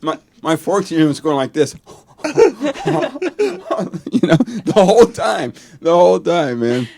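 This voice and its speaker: A man's voice: on the high side, lively intonation, moderate pace, gravelly, darkish tone, a little hiss or hum. A middle-aged man hosting a podcast, chatting casually and laughing a lot as he retells stories. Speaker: podcast host. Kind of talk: casual chat.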